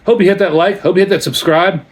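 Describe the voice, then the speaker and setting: A man with a slightly high voice talks through a beer tasting in a relaxed vlog. He rambles and digresses into long stories, chatty and unhurried, before coming back to the beer. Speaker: beer reviewer. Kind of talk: casual beer review vlog.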